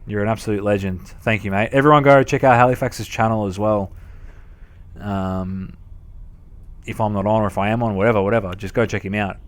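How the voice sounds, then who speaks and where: Australian man, young adult, low-pitched, slangy, cursing, live-streaming a game. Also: fairly even intonation, brisk. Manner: swearing, slangy, chatting with viewers. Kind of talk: casual live-stream commentary.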